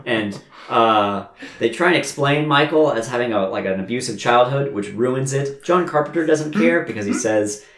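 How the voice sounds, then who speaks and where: A man co-hosting a casual movie review podcast, rattling off sarcastic plot recaps with quick put-on quotes. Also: mid-range voice, animated, a bit bright, echoey room. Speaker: podcast co-host.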